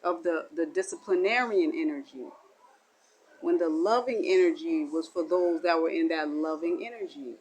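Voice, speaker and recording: A woman giving spiritual talk as a channeler, acting out voices and ending in a low, hushed blessing. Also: normal speed, slight background noise, rough recording. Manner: animated, acts out dialogue in shifting voices.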